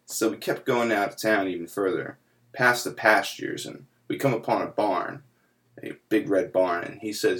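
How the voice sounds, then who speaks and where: A man with a fairly low voice telling a long-winded joke in relaxed podcast banter. He rambles with plenty of fillers and laughs at his own punchlines. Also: normal speed. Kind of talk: casual joke-telling chat.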